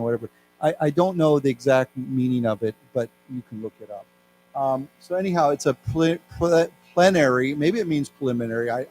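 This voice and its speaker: A man with an American accent giving a live English lesson, reading news aloud slowly and explaining words to his class. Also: mid-range voice, a little mellow. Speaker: English teacher. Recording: faint mains hum.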